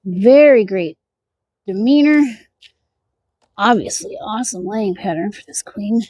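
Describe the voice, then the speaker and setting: At a measured pace, a woman narrates her outdoor hive inspection in a chatty way, her mid-range voice darkish but lively in intonation. She talks to her bees and mutters to herself, and the recording is dry.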